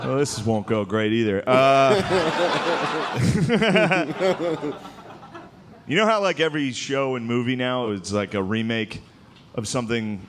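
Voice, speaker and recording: A man's voice: mid-range voice, animated, slow pace, long pauses, noisy background. A man doing a live stand-up set on stage, talking loosely, laughing at his own jokes and slipping into mocking voices. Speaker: stand-up comedian. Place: stage before a live audience. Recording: live show with crowd laughter. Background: audience laughing.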